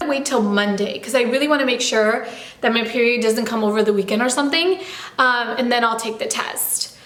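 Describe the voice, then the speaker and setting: A woman's voice: a little high, brisk, a bit bright. A young woman vlogging in a casual, bubbly chat to camera, rambling and full of fillers. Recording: echoey room.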